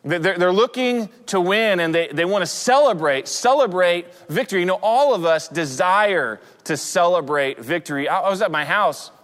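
A man's voice: sits high, animated, moderate pace, hardly any pauses, fairly bright tone. A man in his forties preaching a sermon as pastor, telling stories in a conversational way with frequent restarts. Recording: long hall reverb.

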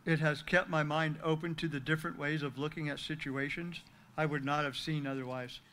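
Man, reading a recovery testimony, earnest, heartfelt, slightly high voice. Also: fairly even intonation, a little fast, sharp tone. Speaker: speaker sharing recovery testimony. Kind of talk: prepared testimony read aloud.

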